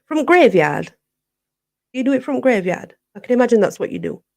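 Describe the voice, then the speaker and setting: A woman's voice: fairly high pitch, sing-song, moderate pace, gravelly, darkish tone. Chatty Yorkshire woman on a live chat. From Barnsley, Yorkshire, England. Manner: chatty, says "you know" constantly. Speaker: livestream host. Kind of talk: casual live chat answering viewer comments.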